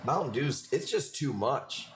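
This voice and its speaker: A man's voice: mid-range voice, lively intonation, measured pace, a bit bright, slight background noise. A man with a Chicago accent hosting a live coral-selling stream, chatting casually in a loose, rambling way with plenty of swearing. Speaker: livestream coral seller. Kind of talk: casual livestream chat.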